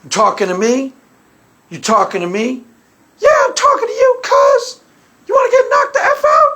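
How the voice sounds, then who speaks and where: Tough gangster woman, taunting and threatening, pitched very high, as a man puts her on. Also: normal speed, sharp tone. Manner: menacing street-slang taunts.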